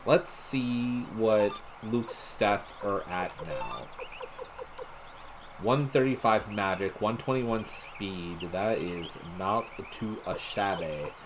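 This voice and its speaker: A man's voice: fairly low pitch, expressive, takes it slowly. A man casually thinking aloud while commenting on a game he is playing. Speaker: let's play host. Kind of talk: gameplay commentary. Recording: game music playing under the voice.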